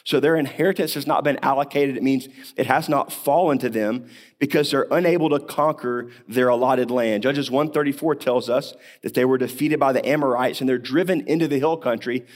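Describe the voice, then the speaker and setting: A pastor with a medium-pitched voice preaches at a slightly quick pace. He works through a Bible passage conversationally, posing rhetorical questions and coughing occasionally.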